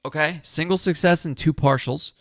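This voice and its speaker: A man's voice: fairly high pitch, moderate pace, no echo, clean studio sound. A man talking himself through a solo board game playthrough, chatty and upbeat as he explains each move.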